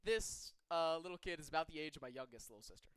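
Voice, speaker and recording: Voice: mid-range voice, expressive, fast, noisy background. A streamer casually reading a visual novel aloud and commenting on it, swearing freely, with game music behind. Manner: casual, profane, chatty.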